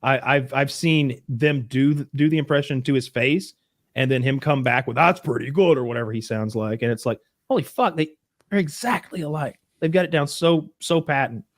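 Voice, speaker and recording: Dude on a podcast rambling through a movie story, swears a lot, dry sound. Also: male voice, mid-range voice, moderate pace, dry recording. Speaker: podcast co-host. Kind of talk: casual podcast chat.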